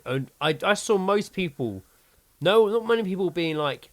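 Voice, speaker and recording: A man's voice: on the high side, normal speed. A man co-hosting a podcast in casual chat, tired and laughing often. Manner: animated, laughing, self-mocking. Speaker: podcast co-host.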